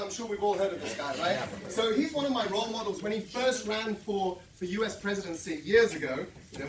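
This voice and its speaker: A sales trainer at medium pitch gives a lively live workshop talk to a room, telling a story and checking in with the audience by asking "right?". The recording has an echoey room sound and a distant mic.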